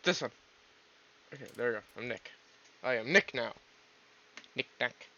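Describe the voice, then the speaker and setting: A man's voice: medium pitch, expressive, normal speed, vocal fry, highs cut off, heavy background noise. A man chatting casually while streaming a video game, rambling and swearing often. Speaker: streamer, VTuber.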